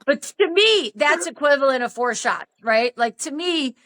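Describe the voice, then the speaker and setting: Bright-voiced woman in her fifties. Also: high voice, normal speed. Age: 50s. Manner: animated, acts out quoted dialogue. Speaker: podcast host. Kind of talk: casual storytelling chat.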